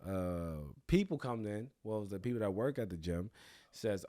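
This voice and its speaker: A man's voice: fairly low pitch, a little slow, no echo, clean studio sound. A young man hosting a podcast, telling a crude, comedic story with lots of swearing and bragging. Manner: animated, profane, crude bragging humor. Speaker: podcast host.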